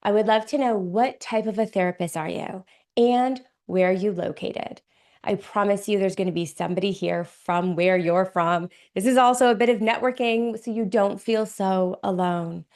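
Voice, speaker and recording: A middle-aged woman from Canada hosts an online panel with bubbly warmth aimed at her chat. Her voice is raspy and gravelly with fry, hoarse from a cold. She sits at a mid pitch and greets viewers eagerly. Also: normal speed. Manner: enthusiastic, effusive, talks to the chat audience. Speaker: business coach hosting a webinar panel. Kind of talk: lively webinar hosting.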